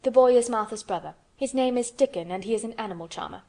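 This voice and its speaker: A woman's voice: on the high side, quick pace, dark tone, lightly acted. Storybook: woman doing a spoiled, imperious boy, lordly and commanding. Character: imperious invalid boy, demanding and excitable.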